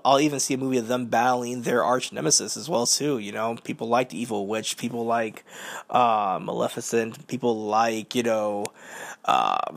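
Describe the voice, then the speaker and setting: Man with a gravelly voice, casual film chat. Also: medium pitch, a bit bright. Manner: rambling, with many fillers and repeated "as well, too". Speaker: podcast host reviewing films. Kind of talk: casual spoken movie review.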